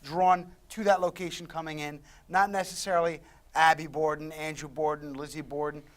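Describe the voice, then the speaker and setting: A man's voice: on the high side, steady tone, moderate pace. A man appearing as a paranormal investigator on a TV talk show, talking in an easygoing, speculative way. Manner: easygoing, speculative, with filler restarts. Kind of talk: casual studio chat. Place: public-access TV studio.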